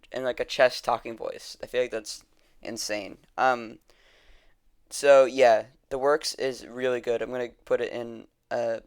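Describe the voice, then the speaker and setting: A man's voice: medium pitch, clean tone, dry recording, clean studio sound. A man casually reviewing music in a rambling, enthusiastic way, with lots of ums and restarts. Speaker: music vlogger ranking albums.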